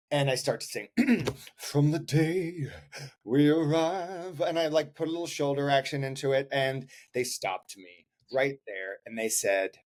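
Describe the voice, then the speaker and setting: A man and actor co-hosting a podcast, telling a story in an animated, playful way. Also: mid-range voice. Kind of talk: casual storytelling chat.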